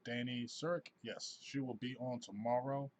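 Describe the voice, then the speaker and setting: A man in his forties hosting a casual sports fan livestream, talking in an animated, effusive way and reading out viewers' names. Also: mid-range voice, moderate pace, slight background noise. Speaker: host of a sports fan live show.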